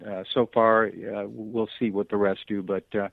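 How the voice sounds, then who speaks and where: A man being interviewed over the phone, talking earnestly and haltingly, with many fillers and restarts. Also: fairly low pitch, flat delivery, gravelly, dry recording. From Southern California. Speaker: guest. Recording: dry, tinny phone line.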